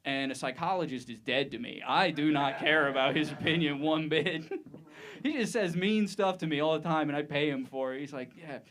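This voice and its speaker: A man's voice: fairly high pitch, brisk, fairly bright tone. A man from Ohio doing a stand-up comedy set on a club stage into a handheld mic, rambling and self-mocking with loose asides.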